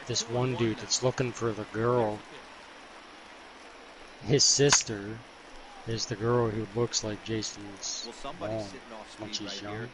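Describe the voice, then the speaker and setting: A man's voice: on the low side, little pitch movement, slow, pauses often. A man chatting casually while playing a video game, rambling in slangy storytelling. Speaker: gaming video host. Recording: stadium crowd noise from the game.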